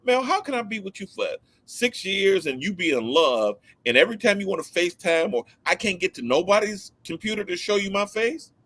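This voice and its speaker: Man co-host, teasing, lively voice, dry mic sound. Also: sits high, a little fast, few pauses, no room sound. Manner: teasing, excitable. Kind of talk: casual chat.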